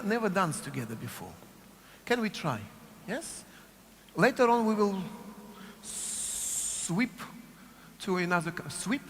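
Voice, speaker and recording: A man with a Russian accent leads a dance class, calling out movement cues in a slow, sing-song way, his pitch rising and falling widely. He keeps checking in with the group as he coaches. His voice rings with the long reverb of a big studio, with faint room noise underneath. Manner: coaching rhythmically, repeats cue words, asks "yes?" often. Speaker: dance teacher. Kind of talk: dance workshop instruction.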